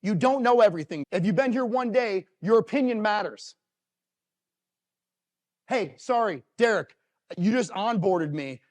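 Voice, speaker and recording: A middle-aged man giving a live motivational talk to a company audience, telling emotional stories and swinging from loud to hushed. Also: sits high, lively intonation, unhurried, pauses often. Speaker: motivational speaker.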